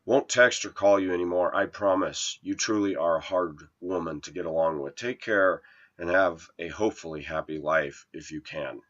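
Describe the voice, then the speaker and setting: Deep-voiced man venting a dating story. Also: normal speed, fairly bright tone, lo-fi sound. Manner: aggrieved, retells texts and calls in quotes. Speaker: video blogger. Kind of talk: personal storytelling monologue.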